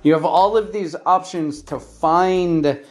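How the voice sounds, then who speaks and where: In mid-range voice, an online English teacher speaks at an unhurried, deliberate pace to learners, giving talking-head advice. Sounding keen, the teacher runs through points by number and keeps asking "right?" while soft music plays faintly underneath.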